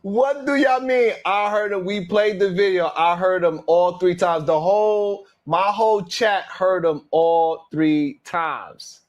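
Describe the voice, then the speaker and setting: High voiced dude w hosting a stream, slow, keeps laughing and repeating himself. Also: male voice. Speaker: stream host reviewing a panel. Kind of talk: casual livestream commentary.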